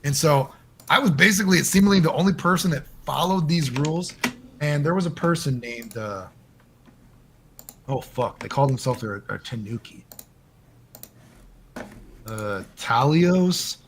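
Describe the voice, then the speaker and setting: A man as the guest in a casual interview over a call, rambling and animated and swearing often. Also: fairly high pitch, unhurried, long pauses, slight background noise.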